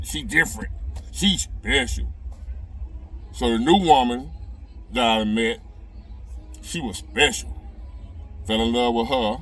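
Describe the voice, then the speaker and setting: A middle-aged man with a drawl, chatting straight to his viewers. He tells the story in a loose, folksy way, at a middle pitch, from inside a car. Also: a bit bright. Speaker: relationship advice video host. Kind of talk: casual storytelling monologue.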